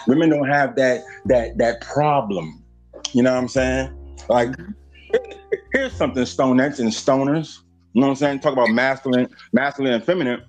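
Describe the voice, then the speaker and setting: A man's voice: mid-range voice, moderate pace, faint music behind. A man hosting a casual podcast, cursing freely and lecturing his listeners directly. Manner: profane, preachy, addresses listeners directly. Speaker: podcast host.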